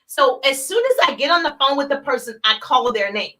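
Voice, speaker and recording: A woman coaching her viewers live, with a high, lifted voice. She talks with energy and emphasis and drives each point home by saying it twice. Now and then she acts out a chipper sample phone call. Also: animated, a little fast, bright, forceful tone. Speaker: business coach. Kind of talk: live-streamed coaching talk.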